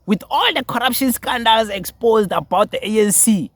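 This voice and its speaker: A man's voice: sits high, expressive, normal speed, few pauses, no echo. A young South African man giving mocking political commentary, sarcastic and laughing, slipping into Zulu phrases. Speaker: commentary channel host.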